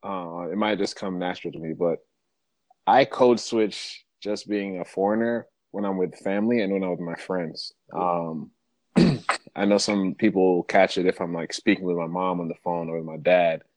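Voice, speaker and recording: A man from Africa with a very low voice, talking in a relaxed and reflective way. He speaks softly in casual conversation, recorded close and dry. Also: moderate pace, no echo.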